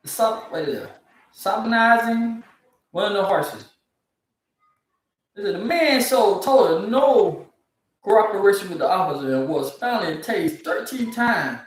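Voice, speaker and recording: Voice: mid-range voice, expressive, a little slow, long pauses. A speaker, ranting disbelievingly about odd news stories in a casual comedic commentary. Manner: incredulous, ranting, laughs often. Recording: very echoey, from far off the mic.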